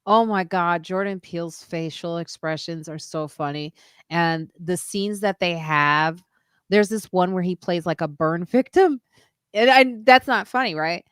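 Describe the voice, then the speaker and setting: A woman's voice: lowish voice, measured pace, fairly bright tone, smooth, dry recording, studio quality. A woman co-hosting a podcast in casual chat, telling stories animatedly and laughing often. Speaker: podcast co-host.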